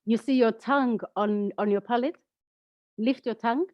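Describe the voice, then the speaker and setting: A woman's voice: a little high, normal speed, no echo, dull audio. A woman from South Africa with a South African accent, chatting on a video call and patiently teaching how to say her name. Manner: patient, teaching pronunciation step by step. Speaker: guest, founder. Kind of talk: casual video call conversation.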